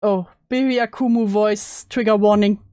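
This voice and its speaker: A woman streamer chatting casually and bluntly while reacting to videos, sarcastic and quick to swear. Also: medium pitch, fairly even intonation, mellow, clear, resonant tone, no room sound, studio quality. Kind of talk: casual live-stream chat.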